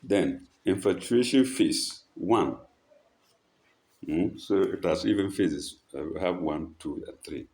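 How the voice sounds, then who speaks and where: A man's voice: deep voice, takes it slowly, a little mellow. A man teaching from a text, reading a passage aloud, repeating phrases and stopping to explain them. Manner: breaks off to mimic speakers in a raised voice. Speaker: religious teacher.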